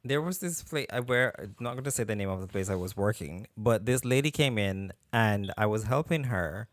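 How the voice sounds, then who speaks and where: A man's voice: fairly low pitch, expressive, normal speed, no room sound, studio quality. A man hosting a casual podcast, telling a long story that drifts off on tangents before getting back on track. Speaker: podcast host.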